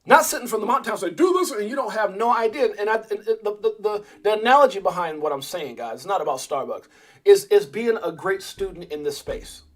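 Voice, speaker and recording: This man's high-pitched, lively voice moves at a brisk pace as he hosts a laid-back crypto livestream. He rambles, keeps restarting his sentences, and addresses his audience directly as "guys."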